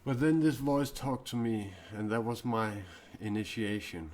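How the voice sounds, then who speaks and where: A man speaking as a self-described mystic in an improvised live-stream talk, earnest and confessional, often pausing and restarting his sentences. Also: medium pitch, a little mellow.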